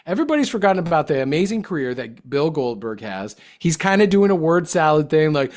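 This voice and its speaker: A man's voice: a little high, big pitch swings, brisk, few pauses, a little mellow. A man co-hosting a wrestling radio show in casual comedic banter, joking and sarcastic. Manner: joking, sarcastic, mocking voices.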